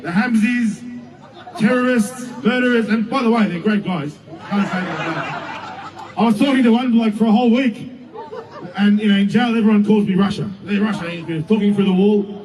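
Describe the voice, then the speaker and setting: A man giving an emphatic public speech to a crowd, shouting some phrases and joking between them. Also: high-pitched. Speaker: rally speaker. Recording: distant mic with faint outdoor noise.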